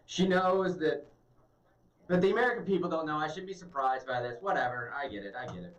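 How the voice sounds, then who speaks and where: A man's voice: on the high side, expressive, fairly quick, muffled recording. A man co-hosting a talk radio show, mocking and sarcastic as he reacts to hearing clips. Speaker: radio co-host. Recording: roomy, distant mic.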